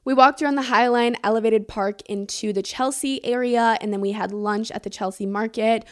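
A woman's voice: fairly high pitch, steady tone, normal speed. Teen girl podcast host, chatty rambling storyteller, filler-heavy, casual swearing. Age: teens.

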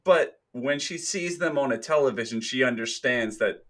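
A man's voice: medium pitch, moderate pace, fairly bright tone. A man co-hosting a podcast in casual chat, making wry, teasing jokes. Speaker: podcast co-host. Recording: clear background noise.

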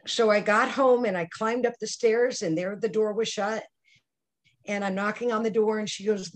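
An older woman, a guest on a podcast, telling childhood stories in an animated way and voicing the people in them. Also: medium pitch, moderate pace. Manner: animated storyteller acting out quoted voices. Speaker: psychic medium guest. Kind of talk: storytelling interview answers.

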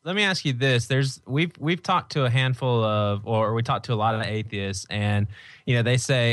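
A man's voice: mid-range voice, normal speed, a bit bright, no echo. A man hosting a podcast, asking questions casually and stumbling a little as he starts them. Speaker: podcast host. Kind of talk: casual interview chat.

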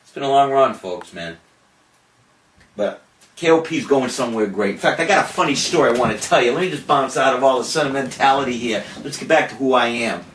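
A man's voice: medium pitch, brisk. An older man spins a brash, boastful tale, acting out the other people's lines as he goes. He sits back from the mic in a roomy space, with a faint hiss under him. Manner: brash, boastful, animated storytelling with mock-quoted voices. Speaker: podcast host saying farewell. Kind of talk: casual storytelling monologue. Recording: roomy, distant, faint noise.

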